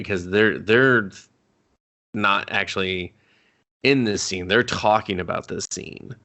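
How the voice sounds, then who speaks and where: A man's voice: on the low side, slow, pauses often, sharp tone. A man co-hosting a movie review podcast, casually recapping scenes, swearing and acting out characters' lines. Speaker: podcast co-host.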